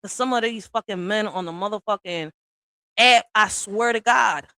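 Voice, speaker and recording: A woman in a heated response rant, blunt and full of swearing. Her voice is bright and forceful, and she keeps tagging lines with "all right?". It is recorded close and dry, with no room sound. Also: moderate pace, no echo, poor audio. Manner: swings from low and quiet to loud and high. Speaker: online commentator responding to another creator.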